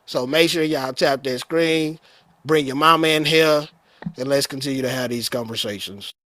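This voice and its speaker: A man's voice: medium pitch, normal speed, sharp tone. A blunt man speaks casually on a debate panel. He uses slang and answers points directly. The room sounds dry and close, with almost no reverb.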